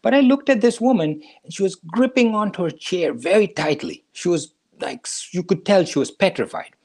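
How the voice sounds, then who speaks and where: A man in his seventies, a doctor hosting a talk show, telling an anecdote at an unhurried pace and asking himself rhetorical questions. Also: high voice, expressive, darkish tone. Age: 70s. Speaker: podcast host, doctor. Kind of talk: storytelling talk.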